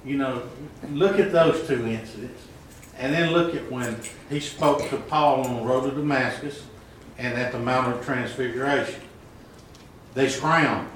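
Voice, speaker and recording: A man's voice: mid-range voice, measured pace. Laid-back man chiming in, far and echoey. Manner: relaxed, slangy, chatty. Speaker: Bible study group member. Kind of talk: casual discussion. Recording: echoey room, far from mic, faint noise.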